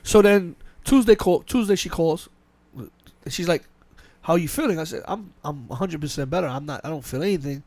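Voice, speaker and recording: A man hosting a casual podcast, telling a work story quickly and animatedly, with many restarts and quoted back-and-forth dialogue. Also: a little high, a little mellow, no room sound. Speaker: podcast host. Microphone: podcast mic.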